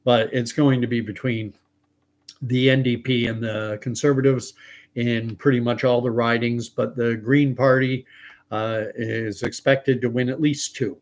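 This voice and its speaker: A man's voice: mid-range voice, little pitch movement, unhurried. Chatty man hosting a live stream. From Canada. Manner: chatty, reads viewer comments aloud, thinks out loud. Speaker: livestream host. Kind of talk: casual live-stream commentary.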